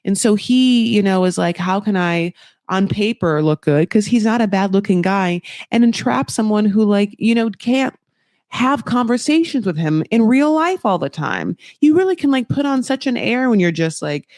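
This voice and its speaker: In a mid-range voice at normal speed, a young woman recaps a reality show on her podcast, chatting casually. Animated and profane, she acts out quotes in mocking, shifting voices. It's a dry, studio-quality recording.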